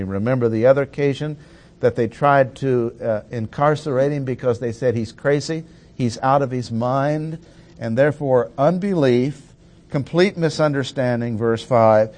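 A man preaching a measured expository Bible teaching, stressing and repeating key phrases. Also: mid-range voice, a little mellow.

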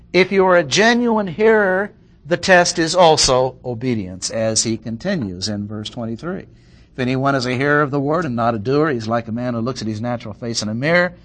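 A man's voice: mid-range voice, a bit bright. A man preaching an expository sermon, reading Bible verses and stressing points methodically. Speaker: pastor.

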